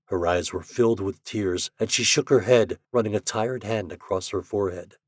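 A man narrating a dramatic story in a steady voice, building intensity as he goes. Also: lowish voice, moderate pace, slightly rough, no room sound, studio quality.

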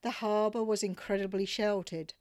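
A woman reading her travel memoir aloud with wry, expressive storytelling. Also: medium pitch, moderate pace. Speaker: narrator.

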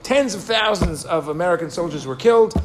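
Man, high voice, animated sermon, questions the audience, faint background noise. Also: fairly quick. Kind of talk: sermon with storytelling.

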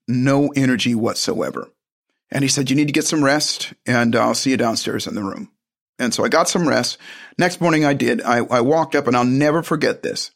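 A man's voice: mid-range voice, vocal fry. A man telling a personal story in a casual, rambling way, with frequent restarts and side remarks.

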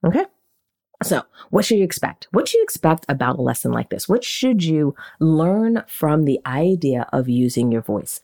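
Animated low-voiced woman podcast host. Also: normal speed, gravelly. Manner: animated, conversational, leans on repeated questions. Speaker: podcast host and marketing coach. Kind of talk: casual teaching monologue.

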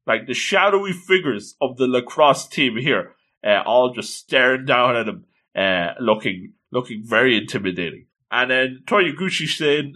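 A man casually recapping a manga chapter, animated and full of exclamations. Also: mid-range voice, normal speed. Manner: animated, excitable, exclaims often. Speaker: manga reviewer.

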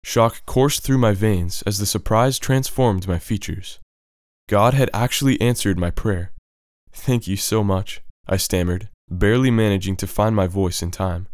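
A man with a low voice reads a devotional story aloud at a steady, measured pace. The sound is dry and close, with faint music playing underneath. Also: no echo. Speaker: devotional podcast narrator. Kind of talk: scripted devotional story reading.

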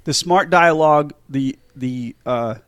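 A man's voice: mid-range voice, measured pace, a bit bright, dry recording. A middle-aged man hosting a casual movie podcast, chatty and enthusiastic, with many fillers and restarts. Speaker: podcast host.

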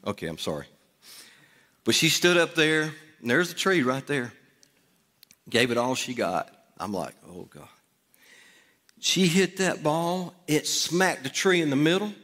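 A man's voice: medium pitch, fairly bright tone. A middle-aged man preaching in a church, telling a personal story conversationally with asides to the congregation. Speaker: pastor. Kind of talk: storytelling sermon. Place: church sanctuary. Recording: long hall reverb.

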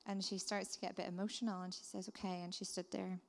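A missionary speaker gives an earnest, heartfelt testimony about her missionary work, telling it as a story in a reverberant hall. Her medium-pitched voice is gravelly, with a flat delivery and a quick pace.

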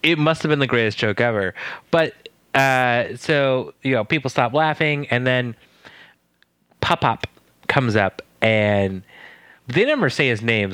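A man co-hosting a casual podcast, recapping a TV episode with animated, incredulous asides. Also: mid-range voice, smooth, no echo. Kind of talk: casual chat.

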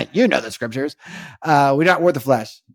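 A man hosting a podcast, talking in a rambling, halting way with many restarts and earnest, faith-minded reflection. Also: fairly high pitch, no room sound, clean studio sound. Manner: rambling, halting, repeats words, keeps asking "you know what I mean". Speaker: podcast host. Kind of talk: casual confessional monologue.

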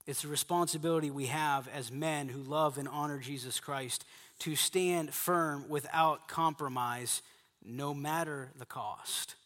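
Middle-aged male pastor, emphatic preacher, slightly high voice, long hall reverb. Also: fairly even intonation, a little slow, a bit bright. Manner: emphatic preaching with repeated phrases. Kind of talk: sermon to a men's gathering.

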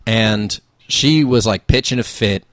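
A man co-hosting a podcast, telling work stories in an animated way, swearing freely and laughing mid-sentence. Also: lowish voice, a little slow, no room sound, clean studio sound. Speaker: podcast co-host. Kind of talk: casual storytelling chat.

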